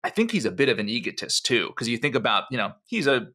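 Bright-voiced male history podcaster. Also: medium pitch, fast talker. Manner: animated storytelling with frequent "you know" asides. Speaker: podcast co-host.

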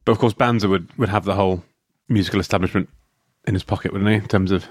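Low-voiced man riffing on jokes. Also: steady tone, quick pace, dry recording, studio quality. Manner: rambling, riffs on jokes with fillers. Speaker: podcast co-host. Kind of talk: casual chat.

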